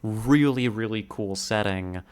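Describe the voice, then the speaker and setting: A male streamer talking in casual live-stream chat, rambling excitedly and swearing now and then. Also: fairly low pitch, unhurried, clear, resonant tone.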